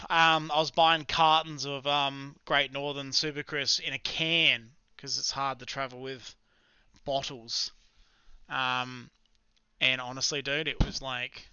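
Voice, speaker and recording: An Australian man with a sharp, bright, crisp voice chats loosely on a live stream, rambling and joking in slangy talk. The sound is dry and close, with slightly dull, lo-fi streaming audio. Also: medium pitch, no echo. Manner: chatty, rambling, laughs often, slangy. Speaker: livestream trading host. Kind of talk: casual live-stream chat.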